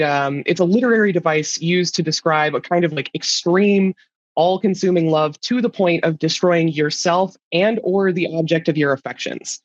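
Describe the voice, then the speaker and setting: A woman's voice: fairly low pitch, no room sound, lo-fi sound. A woman giving a casual, chatty talk as a guest speaker, informal and laid-back, sometimes swearing.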